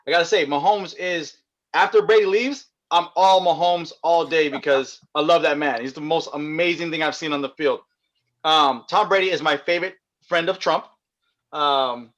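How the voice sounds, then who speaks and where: A man's voice: fairly high pitch, fairly bright tone. A man co-hosting a casual sports podcast, rambling with restarts and frequent laughs. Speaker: podcast co-host. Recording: dull lo-fi sound.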